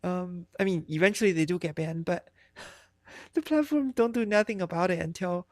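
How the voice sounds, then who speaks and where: A woman's voice: lowish voice, moderate pace, darkish tone, no echo, clean studio sound. A woman streamer chatting casually on a live stream, rambling and swearing, with many fillers and restarts.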